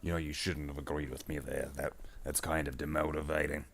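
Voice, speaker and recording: A man's voice: very deep voice, flat delivery, brisk, fairly bright tone, pitched below the performer's own voice. A man voicing a dim, bossy male orc warboss who blusters, gets muddled and makes threats. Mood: grumbling. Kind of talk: improvised comedy skit while painting.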